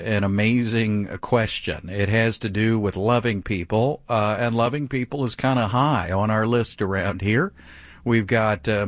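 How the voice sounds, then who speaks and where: In a dry recording, a man with a fairly low voice hosts a live call-in radio show about faith. He talks conversationally with frequent fillers, clearing his throat and sounding choked up.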